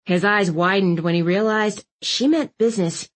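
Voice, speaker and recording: A woman narrating a first-person audiobook in a wry, even storytelling manner. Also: medium pitch, normal speed.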